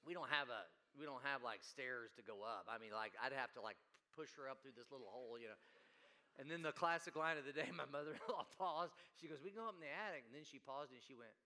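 A man preaching a sermon, telling a story and swinging from hushed asides to loud, emphatic preaching. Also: mid-range voice, a little fast. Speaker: pastor.

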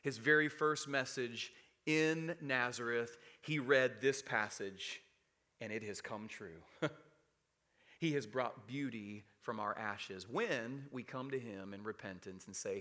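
A man preaching a sermon, calling on the congregation to say verses with him, swinging from loud emphasis to hushed quiet. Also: mid-range voice, takes it slowly. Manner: preaching with rising emphasis and audience call-and-response. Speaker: pastor.

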